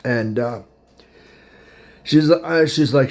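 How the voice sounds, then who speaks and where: A man in his thirties spins a rambling, casual story, stopping now and then to chew his food and chuckle. His voice sits at an ordinary middle pitch, and cutlery clinks and dishes clatter behind him. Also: normal speed, darkish tone. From Pittsburgh area. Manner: rambling, chatty, laughs at his own story; eating while talking. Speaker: podcast host.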